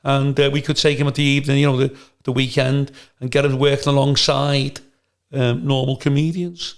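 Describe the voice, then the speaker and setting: Gravelly, blunt man. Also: medium pitch, normal speed. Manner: blunt and sweary, animated storyteller. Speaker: podcast co-host. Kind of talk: casual chat.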